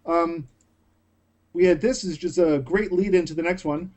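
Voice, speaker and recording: A man with a high-pitched voice jokes sarcastically in a casual group chat. He leans hard on his words to make his points. The sound comes through a video call. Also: normal speed, long pauses, darkish tone. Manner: sarcastic, emphatic. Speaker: panelist.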